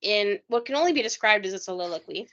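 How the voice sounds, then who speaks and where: On a casual true-crime podcast, a co-host talks fast and expressively in a mid-range voice with a fairly bright tone, though the recording is muffled. She chats loosely, says "like" constantly, and reads quotes aloud.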